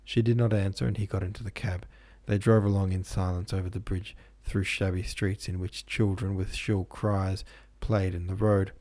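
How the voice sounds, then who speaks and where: A man narrating a classic novel as an audiobook host, in a measured, even storytelling manner. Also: deep voice. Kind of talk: scripted literary narration.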